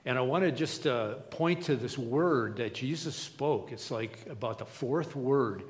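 A man's voice: mid-range voice, a little slow. Guy preaching in church, talks loose and chatty, lots of um and uh, big echoey hall sound. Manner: conversational, many fillers and restarts. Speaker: pastor. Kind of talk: sermon.

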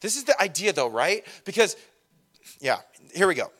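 A middle-aged man preaching a sermon to a congregation in a conversational, lively way, with self-deprecating asides about parenting. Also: high-pitched, moderate pace. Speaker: pastor.

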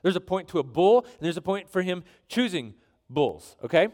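A man preaching a sermon in an animated, joking way, reading scripture aloud between his asides. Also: sits high, normal speed. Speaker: pastor.

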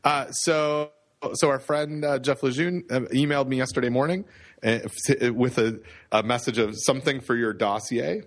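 A Canadian man co-hosts a podcast, chatting casually and rambling through self-deprecating jokes. His voice is mid-range and his pace moderate.

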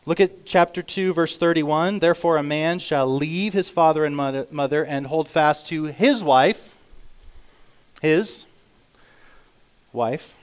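Emphatic preaching man, fairly high voice. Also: clear, resonant tone. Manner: earnest, emphatic preaching with sudden loud and quiet turns; reads scripture aloud slowly. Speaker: pastor. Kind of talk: sermon.

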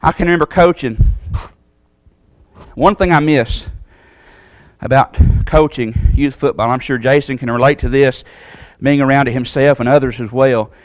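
A man preaching a sermon in a Southern American accent, folksy and animated, acting out the voices he quotes. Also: medium pitch, moderate pace, dry recording. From Southern United States.

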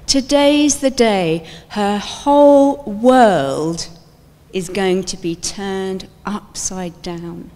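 Woman giving an animated church talk. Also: mid-range voice. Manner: animated storytelling, acts out scenes. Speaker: speaker at a church event. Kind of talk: sermon-like talk. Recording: long hall reverb.

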